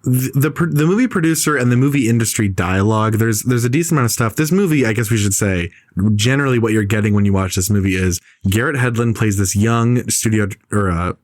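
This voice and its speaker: A man's voice: on the low side, fast talker, few pauses, no echo. A man hosting a casual podcast chat, talking at length and rambling with lots of fillers. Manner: talkative, rambling with many fillers. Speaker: podcast host.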